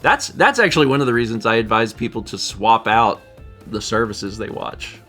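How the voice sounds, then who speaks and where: Guy streaming with his wife, super lively voice, jumps into silly high voices for jokes. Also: moderate pace, soft background music. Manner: jokey, breaks into high squeaky put-on voices. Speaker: co-host of a live stream. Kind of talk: casual chat, reading chat messages.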